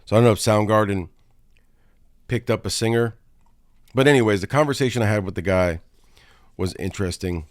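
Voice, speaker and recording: A very low-pitched man from Florida talks through a loose, digressive story for his movie podcast. He restarts sentences often and drops casual swears as he goes. The sound is dry and close, with no room echo. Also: a little fast, long pauses. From Florida, USA. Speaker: podcast host, film reviewer. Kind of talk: casual rambling monologue.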